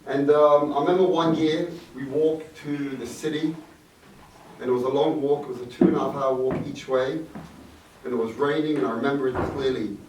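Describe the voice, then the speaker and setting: Distant echoey rabbi telling a story. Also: male voice, mid-range voice. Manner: reflective, warm anecdotal storytelling with Yiddish words. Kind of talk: storytelling speech to an audience. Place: event hall. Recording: echoey room, distant mic, faint noise.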